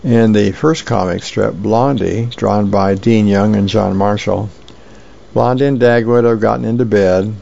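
A man reading newspaper advice letters and comics aloud in a plain, unhurried way, stumbling now and then. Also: fairly low pitch, steady tone, creaky, mellow, highs cut off. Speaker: reader of newspaper features.

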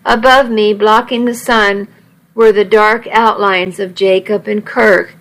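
A woman's voice: mid-range voice, steady tone, measured pace, a bit bright, low-quality recording. A woman reading a first-person story aloud in a wry, conversational way. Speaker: audiobook narrator.

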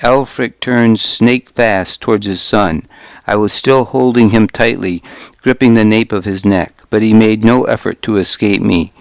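A man reads a first-person novel in a measured, even way. His voice is low and unhurried, and the recording is close and completely dry. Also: gravelly, dry recording. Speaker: audiobook narrator.

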